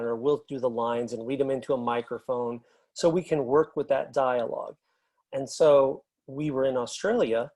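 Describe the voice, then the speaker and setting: A middle-aged man, a film and TV editor, telling relaxed anecdotes as an interview guest, with plenty of fillers. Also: medium pitch. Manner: relaxed storyteller, many fillers.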